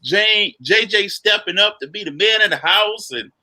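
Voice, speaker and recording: A man's voice: high-pitched, moderate pace, sharp tone. A man co-hosting a podcast, telling stories in a casual chat with lots of animation and "you know what I'm saying". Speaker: podcast co-host.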